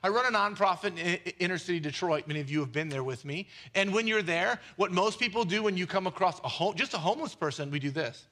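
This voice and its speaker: A man delivers a sermon with a high, bright voice that carries. He preaches in a lively, conversational way, dropping into quick asides and jokes before driving his point home. His tone stays direct and animated. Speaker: pastor.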